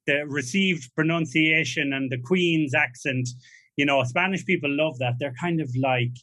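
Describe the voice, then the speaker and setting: A man with an Irish accent hosts a relaxed interview from his home music studio, chatting easily with a few restarts. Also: on the high side, normal speed. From Ireland. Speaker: podcast host. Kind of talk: casual interview chat.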